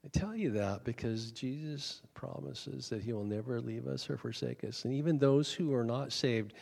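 A man's voice: mid-range voice, normal speed, gravelly, darkish tone, big-room sound. A male pastor preaching a sermon, telling a story in a casual, conversational way.

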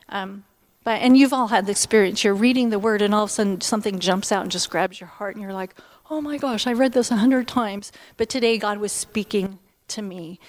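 A woman in her fifties sharing a personal testimony at a church gathering, candid and heartfelt, talking in a loose conversational way with frequent pauses and fillers. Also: a little high. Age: 50s. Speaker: speaker giving a personal testimony.

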